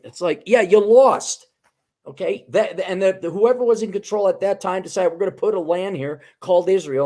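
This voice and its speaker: A man on a casual podcast, talking in a heated, profane rant that keeps restarting mid-thought. His voice sits somewhat high and swings widely in pitch as he gets worked up. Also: dark tone. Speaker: podcast host.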